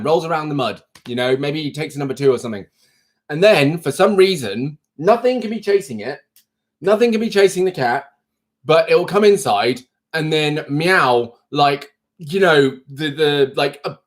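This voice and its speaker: Higher-pitched man rambling on a live stream. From United Kingdom. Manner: rambling, chatty and self-mocking. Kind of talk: casual live-stream chat. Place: at a desk at home. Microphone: phone.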